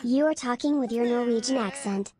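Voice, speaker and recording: A female text-to-speech voice reading out viewer messages in a flat synthetic delivery. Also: a little high, a little fast, heavy background noise.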